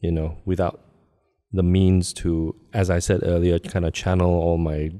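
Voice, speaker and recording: Deep, dark-voiced man, earnest chat. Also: level tone, unhurried. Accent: neutral international English, slight British tint. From Singapore. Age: older. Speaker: guest actor. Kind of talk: casual interview chat.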